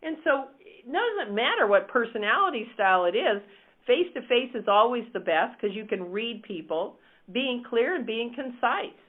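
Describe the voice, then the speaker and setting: A woman's voice: a little high, lively intonation, moderate pace. An upbeat woman trainer talks emphatically and directly as she walks her listeners through a lesson. Her voice comes through a narrow, tinny phone line. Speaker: real estate team coach. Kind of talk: teaching a coaching call.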